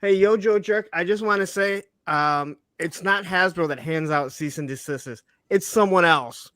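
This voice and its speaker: Man, slightly high, dry sound, animated joker in a casual chat. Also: measured pace, no room sound. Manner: joking, animated storyteller.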